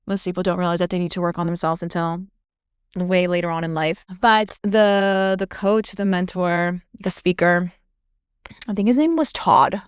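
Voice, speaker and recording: A woman's voice: fairly low pitch, steady tone, moderate pace, clean tone, dry recording, clean studio sound. A young woman hosting a podcast, telling a personal story in a gushing, casual way, peppered with "like" and swearing. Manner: gushing, heavy filler "like", frequent swearing. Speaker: podcast host.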